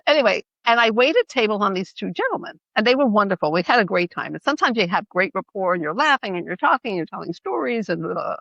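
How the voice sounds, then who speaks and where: A middle-aged woman from New York, co-hosting a podcast and telling animated, laughing stories in casual chat. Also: medium pitch, fast, gravelly, dry recording, dull audio. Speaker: podcast co-host.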